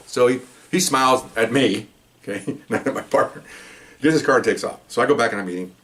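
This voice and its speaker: A man's voice: mid-range voice, animated, a little fast, a bit bright. A man in his sixties, a police veteran, telling stories in a rambling casual way. He keeps checking in with "okay?" and restarts his sentences often. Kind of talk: casual storytelling monologue.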